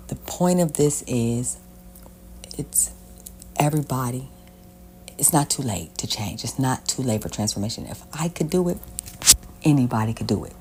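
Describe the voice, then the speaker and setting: Her voice is a mellow bass with a little hiss or hum in the recording. This young Southern U.S. woman, a self-help vlogger, shares her life story candidly and casually, meandering and cursing without restraint.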